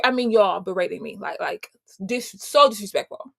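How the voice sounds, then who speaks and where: A woman's voice: medium pitch, expressive, quick pace, creaky, fairly bright tone. A young adult woman life coach telling her viewers a story in a casual, emphatic way, often calling them y'all.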